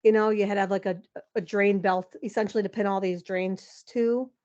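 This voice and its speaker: A woman in her forties, a podcast guest, telling a personal story in an animated, emotional way, with lots of "like" and some laughter. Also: medium pitch, a little fast, muffled recording. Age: 40s. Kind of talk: candid interview storytelling.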